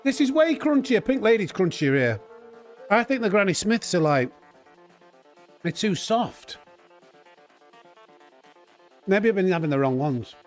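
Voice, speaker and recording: A man's voice: high voice, very animated, normal speed, faint music behind. Chatty man streaming a race. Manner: chatty, reads out viewer names and thanks them. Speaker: sim racing streamer. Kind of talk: live gaming stream chat.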